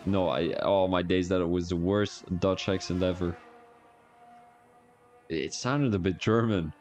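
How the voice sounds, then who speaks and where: A man with a Belgian accent gives loose live-stream commentary on a racing league. His voice sits low, and he rambles from joke to self-mocking joke. Faint music plays quietly behind him. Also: measured pace, pauses often.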